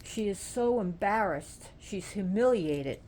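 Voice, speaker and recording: A woman retelling a myth with deep feeling, repeating phrases and asking the listener direct questions. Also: animated, takes it slowly, darkish tone, slight background noise. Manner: impassioned, repetitive, asks the listener direct questions. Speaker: storyteller. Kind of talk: emotional oral storytelling of myth.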